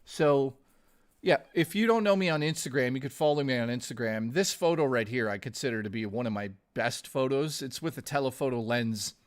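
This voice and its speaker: A man's voice: mid-range voice, brisk. Rambling, foul-mouthed male streamer. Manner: rambling, swears often, addresses viewers as dude and guys. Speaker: gaming streamer. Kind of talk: casual live-stream chat.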